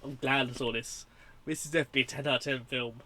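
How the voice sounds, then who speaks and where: A young man reviewing a horror film in a casual, rambling, profane and excitable way. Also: medium pitch, fast.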